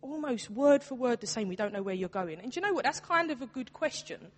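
A woman's voice: fairly high pitch, lively intonation, fairly quick. A young adult woman, a church youth worker, preaching a sermon in an earnest, conversational way. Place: church hall. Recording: long hall reverb.

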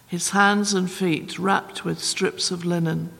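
A man reading scripture aloud at a church service in a measured, careful way. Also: high voice, level tone, vocal fry, bright, forceful tone, long reverb tail. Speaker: scripture reader. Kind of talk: Bible reading.

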